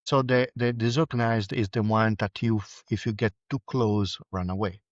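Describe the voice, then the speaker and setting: A man hosting an interview, asking halting, hesitant questions. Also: lowish voice, fairly even intonation, dry recording, dull audio. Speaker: podcast host.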